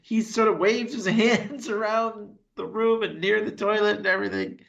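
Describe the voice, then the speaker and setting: A man co-hosting a podcast, retelling a TV episode in casual chat and slipping into quick voices for the characters. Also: high-pitched, creaky, highs cut off. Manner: animated retelling with quick impressions and laughs. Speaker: podcast co-host.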